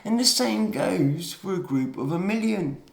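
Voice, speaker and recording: A man delivering a rambling monologue to his YouTube audience. He swears, trails off into quiet mutters, then surges into emphatic outbursts. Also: sits high, animated, unhurried, gravelly. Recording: roomy, echoey room sound.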